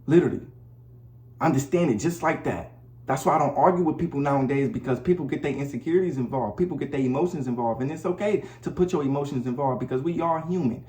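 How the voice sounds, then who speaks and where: A man's voice: medium pitch, fast, a little mellow. Blunt slangy man in an echoey room. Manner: blunt, preachy, slangy, repeats himself. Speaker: vlogger. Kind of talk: casual advice monologue to camera. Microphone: camera mic.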